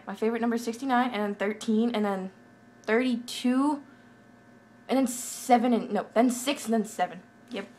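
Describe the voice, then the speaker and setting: A young woman vlogging in a hyper, giggly way, rambling from one random thing to the next. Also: mid-range voice. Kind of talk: casual hyper rambling chat.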